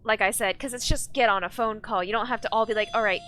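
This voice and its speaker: High, bright young woman streamer. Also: fast talker, a little hiss or hum. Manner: rambling, ranting, reads chat aloud. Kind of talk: casual live-stream chat while gaming.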